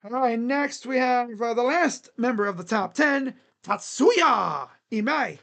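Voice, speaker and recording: Sports live-stream host, casual commentary, jokey, rambling, middle pitch. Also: normal speed. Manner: jokey, rambling, breaks into shouted bits.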